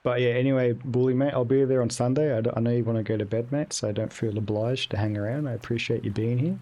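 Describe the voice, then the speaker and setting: A man's voice: mid-range voice, steady tone, fast talker, mellow, muffled recording. A young man streaming a video game live, chatting casually and rambling, with plenty of swearing. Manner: rambling, profane, laid-back. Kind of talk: casual live-stream chat while gaming.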